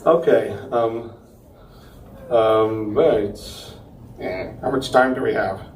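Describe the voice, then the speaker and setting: A young man performing a stand-up comedy set, ranting with punchy asides and tagging jokes with a quick "okay?". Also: lowish voice, a little hiss or hum. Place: pop-up theater stage. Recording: roomy theater sound from far off.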